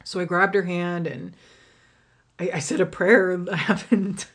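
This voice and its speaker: A young woman talks through a personal story on her podcast, candid and rambling, tossing in swear words and plenty of "like" and "um". Her voice sits a little low for a woman, and the delivery is loose and conversational. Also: steady tone, unhurried, breathy edge. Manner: candid, rambling, swears freely, many fillers. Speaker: podcast host and rideshare driver.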